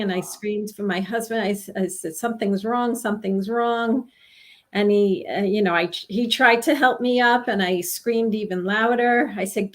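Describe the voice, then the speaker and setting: A woman in her sixties from New York, telling a personal story in an interview, earnest and halting with frequent restarts. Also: mid-range voice. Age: 60s. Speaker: guest telling her experience.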